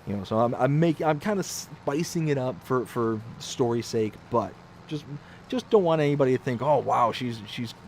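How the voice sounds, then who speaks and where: A man's voice: medium pitch, normal speed, slight background noise. A man hosting a gaming livestream, casually telling a story and acting out the voices in it. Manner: animated, acts out the voices in his story. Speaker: livestream host.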